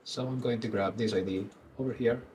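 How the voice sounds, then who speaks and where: A man presenting a screen-recorded web development tutorial, explaining each step calmly. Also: mid-range voice, a little fast, a little hiss or hum, low-quality recording.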